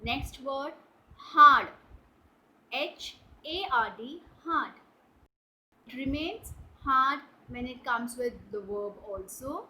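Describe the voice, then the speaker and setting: A woman teaching an English grammar lesson to children, explaining step by step and checking "right?" and "clear?". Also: high-pitched, takes it slowly, sharp tone, rough recording.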